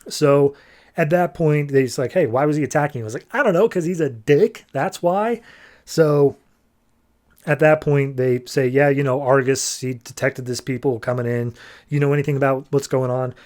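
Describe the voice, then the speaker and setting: A man's voice: mid-range voice, fairly even intonation, moderate pace, darkish tone. A man hosting a comic book podcast, loosely retelling a story in casual chat and paraphrasing the characters' dialogue with lots of "like".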